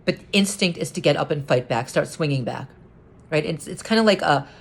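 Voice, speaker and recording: Woman vlogger, deep for her sex, earnest and aggrieved, full of restarts and repeats. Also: expressive, fairly quick, creaky, husky. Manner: rambling, repeats words and restarts often; indignant, earnest storytelling. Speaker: vlogger recounting an incident. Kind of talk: casual retelling to camera.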